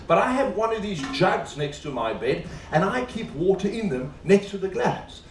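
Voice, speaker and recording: Joking stage magician in a roomy hall. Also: male voice, high voice, sing-song, moderate pace, slight background noise. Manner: joking, chatty, teasing the audience. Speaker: comedy magician. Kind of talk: live stage comedy magic show. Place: cruise ship show lounge. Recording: roomy, distant live stage recording with faint audience ambience.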